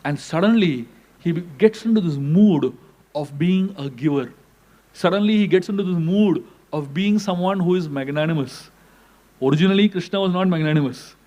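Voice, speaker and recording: A man giving a scripture class as a spiritual teacher, telling the story in an animated way and acting out the dialogue. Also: high-pitched, moderate pace, muffled recording.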